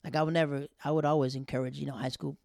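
A young man casually telling a personal story, acting out quoted lines with sudden loud high bursts and dropping to near whispers for embarrassed asides. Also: level tone, very fast, gravelly, no room sound, clean studio sound.

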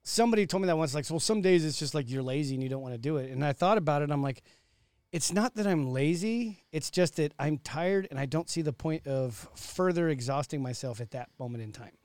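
A man chats casually, swearing freely and bursting into loud exclamations as he tells stories. The recording is dry and close, with no room sound around him. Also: fairly high pitch, a little fast, clear, resonant tone, dry recording. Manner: profane, animated storytelling with loud outbursts. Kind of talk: casual chat.

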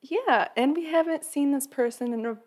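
A woman's voice: sits high, moderate pace, a little mellow. A young woman co-hosting a podcast in casual chat, talking freely and filling her sentences with "like". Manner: chatty, fills speech with "like". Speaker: podcast co-host.

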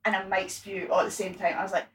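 A woman in her twenties telling an embarrassing story on a casual podcast, animated and sweary, laughing at herself. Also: medium pitch, quick pace, recorded from a distance, poor audio. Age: 20s. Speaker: guest.

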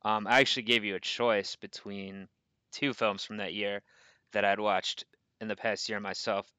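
A man co-hosting a casual movie podcast, with a bright, forceful voice recorded close and dry. He sounds animated and argues back with energy, and his pitch sits a little low. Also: normal speed, dry recording, poor audio. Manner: animated, pushes back in debate. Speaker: podcast co-host.

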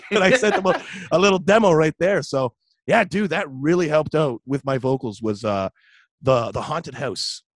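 A young man, a radio host, chatting casually in an interview, relaxed and full of "dude" and "like". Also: on the high side, dry recording. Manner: laid-back, chatty, says "dude" and "like" often. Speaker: radio host and metal vocalist.

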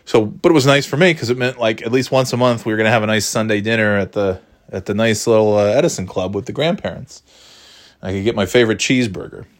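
A man telling a personal story in a relaxed, conversational way, with lively swings in his voice as he acts out what each person said. He laughs often and breaks into chuckles mid-sentence. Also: on the low side, quick pace. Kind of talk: casual anecdote.

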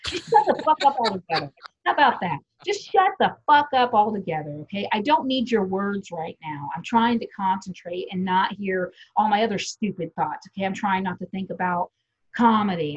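A woman talking frankly in a casual chat, swearing freely as she tells her stories. Her voice sits at an ordinary middle pitch. The recording sounds a little dull and lo-fi. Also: breathy edge. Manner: blunt, profane, storytelling. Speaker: guest. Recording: slightly dull lo-fi audio.

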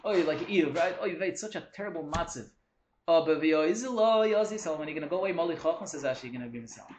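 Man, Torah lecture, lively and acting out complaints, fairly high voice, echoey room. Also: fast talker. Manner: animated, mixing Hebrew and Yiddish terms, acts out complaints. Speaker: Torah teacher. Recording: echoey room with faint hum.

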